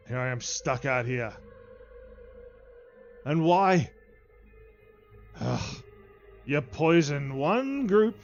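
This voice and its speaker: A man doing a loud blustering cook. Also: fairly high pitch. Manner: loud, blustering, self-pitying. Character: gruff disgraced male camp cook, blustering. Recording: dull lo-fi stream audio.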